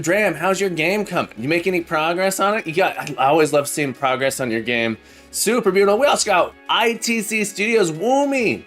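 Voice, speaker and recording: A man hosting a livestream, chatting casually and cheerfully greeting viewers by name, sometimes drawing out names in a sing-song way. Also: sits high. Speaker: livestream host. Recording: soft background music. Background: background music.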